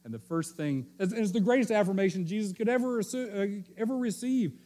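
A male pastor giving a sermon, telling the story with animated, repeated phrases and frequent restarts. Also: high voice, fairly quick.

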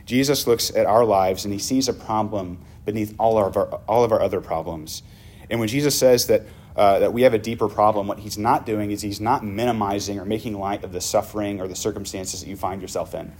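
A male pastor preaching a sermon, vividly retelling a story and dropping to hushed tones. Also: lowish voice, steady tone, fairly quick.

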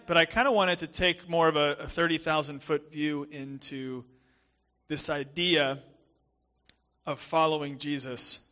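Bright-voiced Southern American preacher. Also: male voice, on the high side. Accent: Southern American, softened. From southern United States. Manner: chatty and self-deprecating, with many fillers and restarts. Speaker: guest pastor. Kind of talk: sermon.

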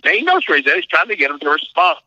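A middle-aged man, a pastor, telling stories in a folksy, animated way, acting out voices and laughing often. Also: a little high, racing, no room sound, lo-fi sound. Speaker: pastor and marriage seminar teacher. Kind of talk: animated interview storytelling.

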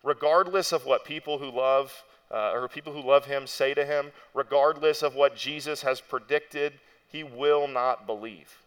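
Clear-voiced man preaching a sermon. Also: mid-range voice, fairly even intonation, moderate pace, hardly any pauses, fairly bright tone. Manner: storytelling preacher, conversational asides. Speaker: pastor.

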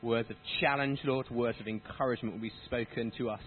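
A man's voice: mid-range voice, steady tone, a little fast. A man prays aloud for a guest speaker, earnest and full of repeated "Lord"s. The sound is narrow and tinny like a phone line, and a faint hum sits underneath. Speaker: church leader introducing the speaker. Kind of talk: spoken prayer.

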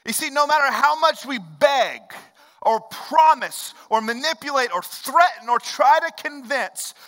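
Guy pastor with a high bright voice, preaching, goes from hushed to loud, big church echo. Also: a little slow. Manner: conversational storytelling with swings from hushed to loud and emphatic. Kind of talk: sermon. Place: large church hall. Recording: long reverb of a large hall.

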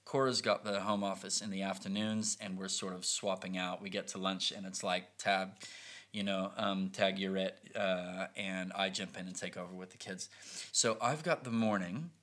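Storytelling man, thirties, low bright voice, animated retelling. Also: normal speed. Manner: animated, acts out quoted lines. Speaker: podcast host telling a family story. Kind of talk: casual storytelling.

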